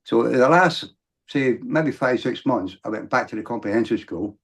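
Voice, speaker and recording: Bloke, middle aged, gravelly voice, rambling guest storytelling w lots of restarts. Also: male voice, mid-range voice, normal speed. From Britain. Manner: rambling, restarts often, builds up to emphatic bursts. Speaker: podcast guest. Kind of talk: candid storytelling.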